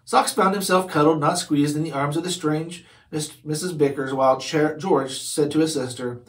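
A man narrating a children's chapter book aloud in a steady storytelling manner. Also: fairly high pitch, normal speed. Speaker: read-aloud host.

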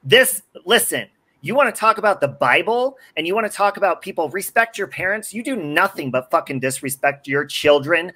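A man rants furiously on a livestream, cursing nearly every line. His voice is bright and edgy, and it swings widely up and down as he vents. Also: sits high, lively intonation, moderate pace, hardly any pauses. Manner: furious, heavy swearing. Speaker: livestream host. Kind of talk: angry livestream rant.

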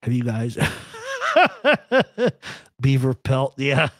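A man's voice: mid-range voice, big pitch swings, drawn-out words, no echo, studio quality. A man hosting a live talk show, giving blunt, rambling opinions to viewers in the chat. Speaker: host. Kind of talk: live radio chat answering a chat.

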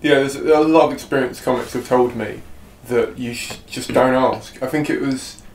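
A man of middle pitch hosts a casual podcast chat, talking quickly with plenty of fillers. His voice has a roomy echo around it. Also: darkish tone, slight background noise. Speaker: podcast host and comedian.

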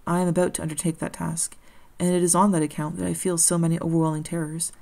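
A woman voicing a gentle, lonely male creature who pleads in earnest, formal, old-fashioned speech. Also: lowish voice, flat delivery, quick pace, vocal fry.

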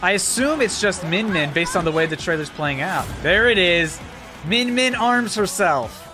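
A man hosting a reaction video to game trailers, talking in an excitable, animated way with quick exclamations. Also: sits high. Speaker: host. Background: faint trailer music.

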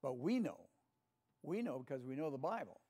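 A man's voice: medium pitch, sing-song, moderate pace, dark tone, breathy edge. An older man with a Southern American accent teaching a folksy Bible lesson in a church class, chatty and often asking the room for an amen. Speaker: Sunday school teacher.

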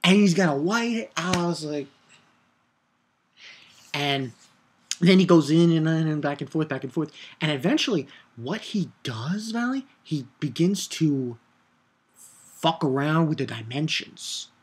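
Slow, husky excitable man reviewing. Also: a little high. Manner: excitable, swears, shouts his own reactions; rambling with restarts and filler. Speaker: anime reviewer. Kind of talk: casual video review.

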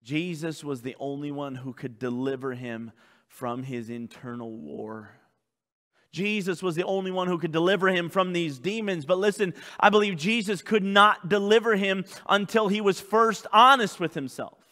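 A man preaching in a church, his voice pitched high and ringing bright. He swings between loud, shouted lines and hushed, low passages. A long reverb trails each phrase through the sanctuary. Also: normal speed. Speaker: pastor. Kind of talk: sermon.

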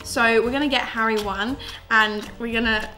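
A woman's voice: fairly high pitch, steady tone, normal speed, bright, forceful tone, poor audio. A young woman chatting casually in a couple's vlog, easily amused. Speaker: vlogger.

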